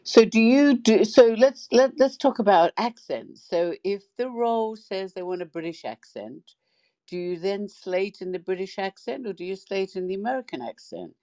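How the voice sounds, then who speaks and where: A woman interviewing a guest, asking questions and stumbling through quick restarts as she starts them. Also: medium pitch, expressive, warm tone, no room sound.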